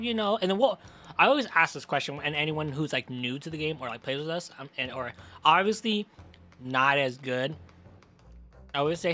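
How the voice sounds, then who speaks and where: A man's voice: fairly high pitch, expressive, quick pace, pushed and bright, faint music behind. A man streaming and chatting casually about games, rambling and swearing freely.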